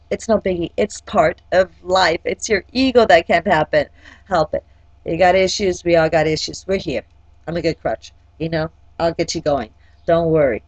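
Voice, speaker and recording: A woman's voice: low-pitched, no echo, rough recording. A woman giving a casual, chatty horoscope forecast. She often checks in with "okay?" and talks directly to each sign. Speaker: astrology forecaster and life coach.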